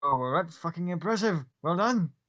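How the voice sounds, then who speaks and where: A big, boisterous hippo-man soldier of fortune, put on by a man, loud and hearty, cursing freely. His voice sits well above the speaker's normal pitch and pushes forward. The audio is dull and lo-fi, like an online tabletop session. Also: lively intonation, moderate pace. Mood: jovial. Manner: hearty, bellowing, swears freely, folksy.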